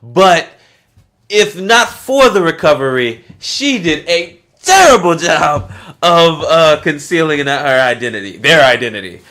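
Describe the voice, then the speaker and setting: A man's voice: a little high, big pitch swings, a little slow, sharp tone. A man co-hosting a podcast review show, chatting casually and laughing often with lots of profanity. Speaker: podcast co-host. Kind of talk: casual chat.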